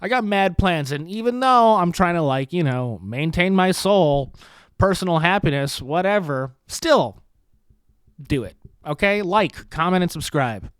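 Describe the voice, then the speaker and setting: A man's voice: high-pitched, expressive, unhurried, smooth, dry recording, clean studio sound. An American man hosting a solo podcast, talking in a sarcastic, rambling, self-mocking way. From United States. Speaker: podcast host.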